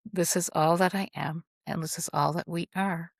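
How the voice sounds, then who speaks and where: A woman voicing her wise old female dog, speaking calmly and solemnly in her own everyday voice. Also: on the low side, normal speed, vocal fry, dry recording, studio quality. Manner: solemn, gentle.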